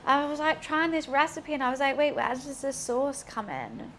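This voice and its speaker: A woman's voice: sits high, big pitch swings, moderate pace, fairly bright tone, a little hiss or hum. A young woman chatting casually while she cooks at home, rambling and laughing at herself. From Britain. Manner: chatty and self-deprecating, rambling with fillers. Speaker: cooking streamer. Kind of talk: casual chat while cooking. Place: home kitchen.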